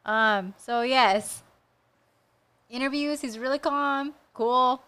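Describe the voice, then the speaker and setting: A woman co-hosting a casual true-crime podcast, blunt and quick to swear. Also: high voice, pushed and bright, clean tone. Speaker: podcast co-host.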